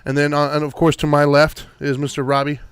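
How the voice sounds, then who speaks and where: A man's voice: a little high, monotone, fairly quick, clean tone. A man co-hosting a casual live talk show, friendly and easygoing as he introduces guests. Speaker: co-host.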